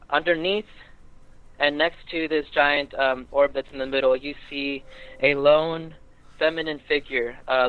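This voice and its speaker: A young man running a tabletop game, describing the scene in halting bursts full of fillers. His voice comes through smooth but tinny, like over a phone line. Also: medium pitch. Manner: hesitant, many fillers. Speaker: game master.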